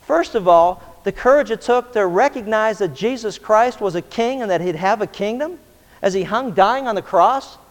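A man's voice: high-pitched, lively intonation, moderate pace. A man preaching a sermon with impassioned delivery, sometimes acting out the voices of the people in his story. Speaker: pastor. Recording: long hall reverb.

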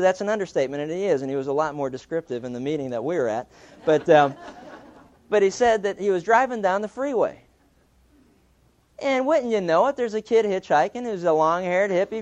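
A man with a fairly high voice preaches, telling a story in a relaxed, conversational way. He often reads quotes aloud. The recording sounds dull and lo-fi. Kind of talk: sermon storytelling.

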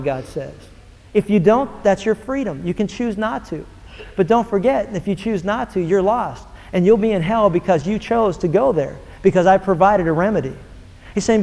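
A man's voice: high voice, a little mellow. A man preaching a fervent, emphatic sermon, acting out quoted dialogue as he goes. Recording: long hall reverb.

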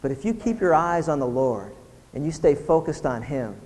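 High-voiced preacher in an echoey hall. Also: male voice, expressive, moderate pace. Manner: builds from quiet to loud shouting, rhetorical questions. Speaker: pastor. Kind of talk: sermon.

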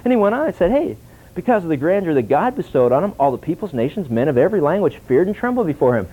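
A man teaching a Bible class in an animated sermon style, acting out dialogue and asking his listeners questions. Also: a little high, quick pace. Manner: animated, acts out dialogue, asks the audience questions. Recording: tinny phone-like lo-fi recording.

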